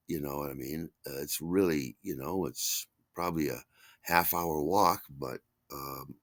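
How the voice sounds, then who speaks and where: An older man hosting a podcast, telling a personal story in an animated way, acting out voices and sound effects. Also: low-pitched, dry recording. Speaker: podcast host.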